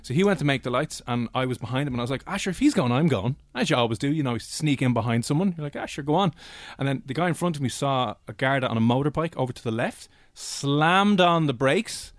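A man with an Irish accent hosting a radio show, telling stories in a quick, joking way. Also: medium pitch, dry recording, studio quality. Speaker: radio host. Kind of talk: casual radio chat.

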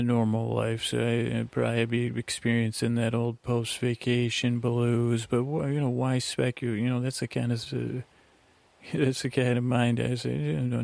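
This bedtime podcast host, speaking from a lakeside vacation spot, has a creaky, darkish mid-range voice with no echo. He wanders drowsily from thought to thought and cuts himself off, all to lull his audience to sleep.

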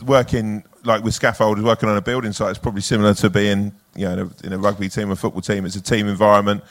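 A man's voice: fairly low pitch, little pitch movement, fast. A man who works as an actor, a guest in casual chat, telling stories with frequent swearing and laughter. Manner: swearing, laughing anecdote teller.

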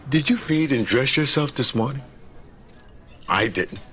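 An actor in a TV commercial playing a gloomy man cursed with a touch that turns things to candy, speaking in a flat, mournful, deadpan way. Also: mid-range voice, measured pace, slight background noise. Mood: glum deadpan. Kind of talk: TV commercial acting.

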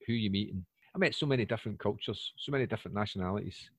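British male, 40s, fast rambling anecdote-teller, husky low voice, dry close sound. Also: dry recording. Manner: rambling, animated storyteller with many fillers. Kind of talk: casual chat. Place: lives in Poland.

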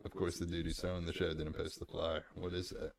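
A man's voice: sits low, flat delivery, brisk, gravelly, a little hiss or hum. A man hosting a podcast in casual chat, laid-back and ending sentences with "man". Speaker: podcast host.

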